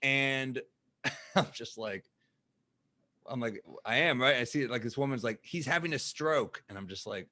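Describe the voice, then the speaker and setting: A man in his thirties, a comedian co-hosting a casual chat, telling a story and acting out the people in it with loud, high bursts. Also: normal speed, pauses often. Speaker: podcast co-host, comedian.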